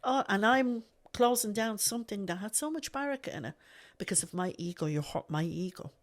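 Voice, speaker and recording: A woman's voice: medium pitch, expressive, a little fast. Earnest woman telling her story. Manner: earnest, repeats phrases for emphasis. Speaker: guest. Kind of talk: emotional personal storytelling.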